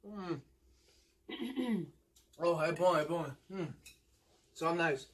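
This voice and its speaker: High-voiced Portuguese man hosting a mukbang. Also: expressive. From Madeira, Portugal. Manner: switches between Portuguese and English, repeats "eh?" and "yeah?" to viewers; drawn-out "mm" sounds while eating. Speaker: mukbang host. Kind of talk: casual eating video chat.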